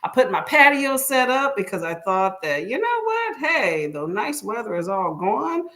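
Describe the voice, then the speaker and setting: A woman's voice: medium pitch, sing-song, a little slow, a bit bright. A woman hosting a casual livestream, chatting with viewers by name and laughing often, her throat a little choked up. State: slightly choked up, clearing throat. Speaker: livestream host. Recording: echoey room.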